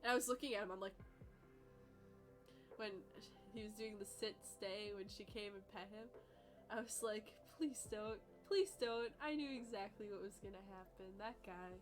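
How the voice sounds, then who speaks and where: Reacting to a video of her dog competing, a young female vlogger talks at normal speed in a mid-range, fairly bright voice, pausing often, with faint music behind her. She rambles and giggles casually, using plenty of fillers.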